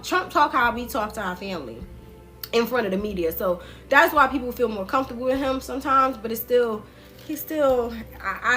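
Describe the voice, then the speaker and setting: Speaking straight to her audience, this livestream host, who does political commentary, keeps it casual with slangy, loose phrasing. Her pitch swings animatedly as she recounts things.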